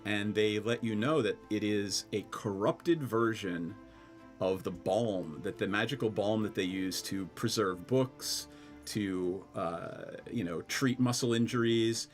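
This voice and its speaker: A man's voice: fairly low pitch, a little slow, soft background music. A young man from Scranton running a tabletop game as game master, chatty and easygoing, often laughing and trailing off into fillers. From Scranton, Pennsylvania.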